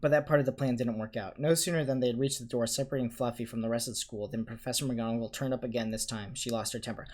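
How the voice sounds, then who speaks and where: A man's voice: medium pitch, fast, hardly any pauses. A man doing a comedic read-aloud of a novel, stumbling and correcting himself as he goes. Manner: stumbling over words, lively. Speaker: comedian reading a book aloud.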